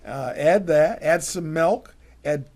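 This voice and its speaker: A man's voice: fairly high pitch, slow, gravelly, darkish tone. An older American man co-hosting a cooking show, chatting casually with lots of fillers and restarts. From United States. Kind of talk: casual chat.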